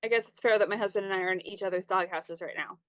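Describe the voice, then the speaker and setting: A woman's voice: mid-range voice, rapid-fire, a bit bright, no echo. A woman co-hosting a casual podcast, upbeat and chatty. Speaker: podcast co-host.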